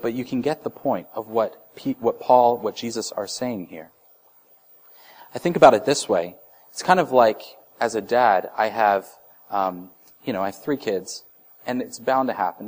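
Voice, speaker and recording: A man's voice: fairly low pitch, a little mellow. A man in his thirties preaching a sermon in a conversational way, restarting phrases and acting out short voices. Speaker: pastor.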